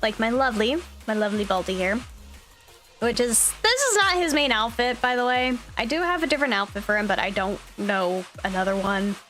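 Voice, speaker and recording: Lively high-voiced woman streamer. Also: a little fast, faint music behind. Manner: rambling, upbeat, lots of fillers. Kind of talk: casual chat.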